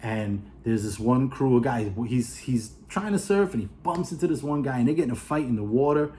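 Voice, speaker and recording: A man's voice: medium pitch, lively intonation, warm tone, a little hiss or hum. A man casually retelling a movie plot for his video review, rambling with lots of "you know" and "uh" and acting out the characters' lines. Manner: acts out the characters' lines in quick asides.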